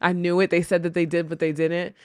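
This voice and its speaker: A fairly low-pitched woman talks a little fast with flat delivery, in clean studio sound with no echo. She's a podcast guest married to the co-host, candidly and reflectively recounting personal struggles and often speaking her past thoughts aloud.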